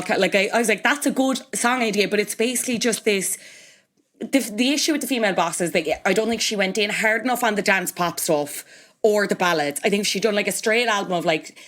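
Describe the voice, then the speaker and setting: A woman's voice: mid-range voice, fast talker, fairly bright tone. A woman hosting a podcast, chatty and opinionated, talking in long run-on sentences. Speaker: podcast host. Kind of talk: casual podcast chat.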